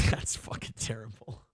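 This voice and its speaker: A man's voice: slow pace, dry recording, studio quality. A man hosting a live internet morning show, reading viewer comments aloud in a crude, joking, mock-announcer way.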